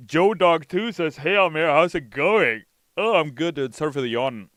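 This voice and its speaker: Man with a bright, clear voice. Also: fairly high pitch, normal speed, no echo. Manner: relaxed, reads chat messages aloud and answers them. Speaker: game stream host. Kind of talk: casual livestream chat while playing. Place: studio.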